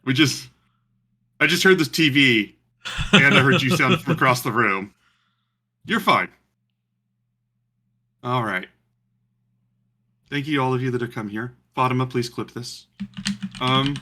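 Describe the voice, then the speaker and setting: A man's voice: mid-range voice, expressive, unhurried, long pauses, pushed and bright. A man running a tabletop game online, joking loosely with many ums as he introduces the players. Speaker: game master. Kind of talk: casual game narration and chat.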